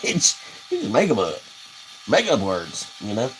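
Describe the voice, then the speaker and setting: A man's voice: lowish voice, huge pitch swings, unhurried, slight background noise, low-quality recording. A man who hosts a livestream while he builds custom fishing rods. He talks in a rambling, folksy way, reads viewer comments and laughs at his own stories. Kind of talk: casual livestream chat, reading comments.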